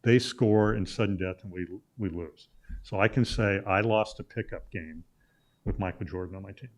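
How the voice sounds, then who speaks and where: Low-voiced man spinning a rambling anecdote. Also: normal speed. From Illinois, US. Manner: rambling anecdote with many "uh" fillers and restarts. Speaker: guest, sports journalist. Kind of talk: casual storytelling in a talk interview.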